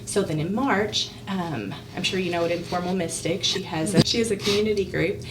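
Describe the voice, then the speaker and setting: Briskly and in a lowish voice, a female podcast guest recounts a personal story casually. She acts out quoted lines, laughs frequently and grows a little emotional, sometimes near tears. The recording catches her a bit far from the mic, with faint hiss.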